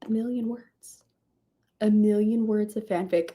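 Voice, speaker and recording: A woman's voice: medium pitch, steady tone, unhurried, warm tone. A sleepy woman hosting a live stream, chatting casually with viewers, thinking aloud and laughing often. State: sleepy, yawning. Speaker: streamer hosting reading sprints.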